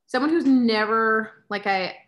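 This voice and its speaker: A woman's voice: fairly high pitch, unhurried, fairly bright tone. Woman in her thirties telling stories. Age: 30s. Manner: candid, storytelling, acts out her own inner voice. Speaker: yoga teacher. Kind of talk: casual conversation.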